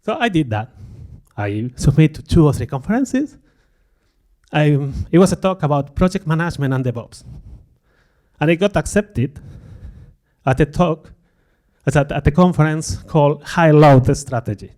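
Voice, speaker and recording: A man giving a conference talk before an audience, speaking candidly and poking fun at himself, with frequent laughs and lively acted-out quotes. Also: fairly high pitch, moderate pace, long pauses. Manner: candid, self-deprecating, laughs often; acts out quoted remarks in a livelier voice.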